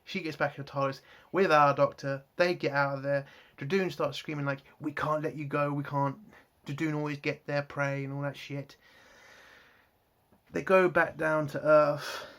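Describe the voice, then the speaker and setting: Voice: mid-range voice, fairly even intonation, moderate pace, fairly bright tone. A reviewer recapping a TV episode in a casual spoken review, ranting angrily with heavy swearing. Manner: angry, profane ranting.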